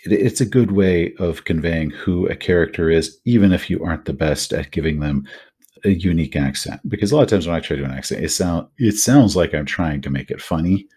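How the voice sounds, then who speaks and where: A man co-hosting a podcast, chatting casually about running tabletop horror games, animated and full of asides. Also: sits low, fairly quick, husky. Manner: animated, rambling with many asides. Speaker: podcast co-host.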